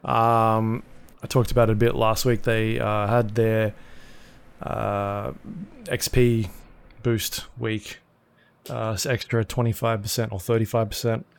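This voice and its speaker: A man's voice: mid-range voice, creaky, clear, resonant tone. A man co-hosting a podcast, chatting casually with hesitant fillers. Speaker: podcast co-host. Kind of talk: casual chat.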